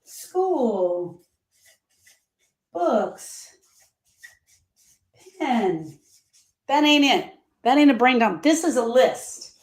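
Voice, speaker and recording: A woman's voice: fairly high pitch, lively intonation, drawn-out words, long pauses. Grief-coach host, woman, live-stream talk, repeats key points for emphasis. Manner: emphatic, repeats phrases, reads viewer comments aloud. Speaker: grief coach hosting a livestream.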